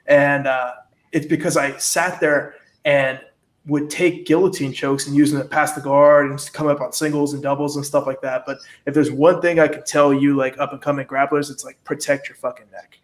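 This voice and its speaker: A man's voice: a little high, flat delivery, moderate pace. A man hosting a casual interview, speaking in a blunt, laid-back, profane way. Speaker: host.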